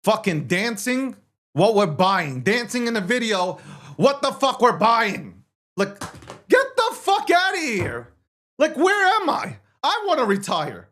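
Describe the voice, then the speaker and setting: A man's voice: very high-pitched, huge pitch swings, a little slow, fairly bright tone. A man hosting a show, ranting in heated, profane, sarcastic commentary. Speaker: show host.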